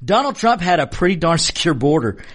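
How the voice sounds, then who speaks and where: Passionate, animated male commentator. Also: on the high side, a little fast. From Mexican American. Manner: passionate and emphatic, repeats lines for stress. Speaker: political commentary host. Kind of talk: opinion monologue.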